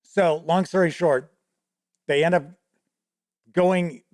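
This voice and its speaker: A man's voice: a little high, steady tone, slow, darkish tone, no echo, studio quality. A man hosting a show, casually telling a rambling story from his tabletop game with many restarts. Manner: rambling, many restarts, acts out players' voices. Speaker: host.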